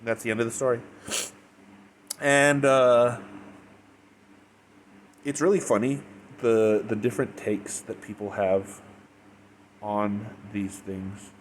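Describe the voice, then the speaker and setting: A man's voice: lowish voice, level tone, slow pace, long pauses, slight background noise. A man giving a casual spoken review, retelling a story in a rambling way full of "like" and restarts. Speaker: fanfiction reviewer.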